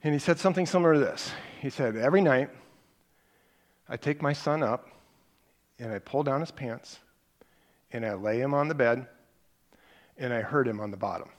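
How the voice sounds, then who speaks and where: Animated middle-aged man preaching. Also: mid-range voice, moderate pace, pauses often. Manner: conversational, animated storytelling with acted quotes. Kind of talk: sermon.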